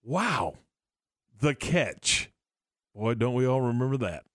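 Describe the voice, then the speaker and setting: A man's voice: medium pitch, very animated, slow pace, dry recording, clean studio sound. A man hosting a sports radio show, talking casually and rambling with frequent restarts. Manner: rambling, many restarts and fillers.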